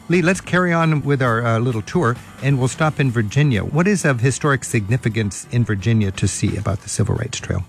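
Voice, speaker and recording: A man's voice: mid-range voice, animated, brisk, vocal fry, hardly any pauses, faint music behind. A man hosting a radio travel show, interviewing a guest in an eager, conversational way. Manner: enthusiastic, conversational questioning.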